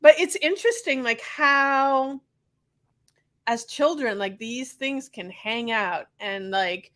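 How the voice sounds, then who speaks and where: A woman with a high, very bright voice, hosting a casual podcast conversation. She talks in an earnest, conversational way, sharing a personal story. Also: slow pace. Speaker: podcast host, physical therapist.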